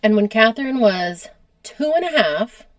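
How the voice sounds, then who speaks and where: A woman's voice: on the high side, animated, unhurried, dry recording. An American woman hosting a podcast, telling history in a casual, chatty way and laughing often. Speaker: podcast host.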